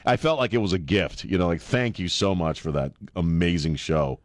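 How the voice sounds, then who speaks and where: A man with a fairly low voice hosts a call-in talk radio show. He chats casually and with enthusiasm into a close, dry studio microphone. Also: animated, moderate pace, no echo. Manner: casual, enthusiastic, laughs easily.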